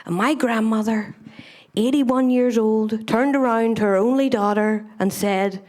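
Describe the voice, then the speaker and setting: A woman's voice: a little high, steady tone, a little slow, a little mellow. A young woman performing stand-up comedy on a club stage, chatty and self-mocking, swearing freely and laughing at her own lines.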